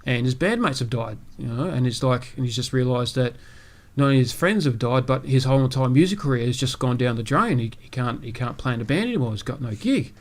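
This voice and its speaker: A man's voice: medium pitch, animated, quick pace. A man hosting a gaming podcast, telling a long joke in a rambling, casual way with many asides. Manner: rambling, lots of fillers and asides. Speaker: podcast host.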